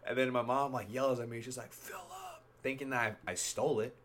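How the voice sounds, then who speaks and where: A man's voice: medium pitch, fairly even intonation, fast talker, a bit bright. A young man hosting a podcast, telling stories in a laid-back, slangy way and laughing often. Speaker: podcast host. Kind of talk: casual chat.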